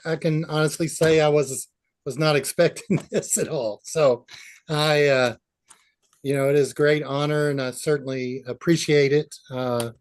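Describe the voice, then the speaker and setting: A middle-aged man, giving humble, halting thanks on a video call. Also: mid-range voice, a little mellow. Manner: humble, halting with many fillers. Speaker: new team instructor. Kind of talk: casual acceptance remarks.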